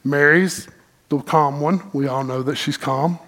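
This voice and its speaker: A middle-aged pastor, preaching a sermon in an animated, folksy storytelling way with dramatic pauses. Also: male voice, a little high.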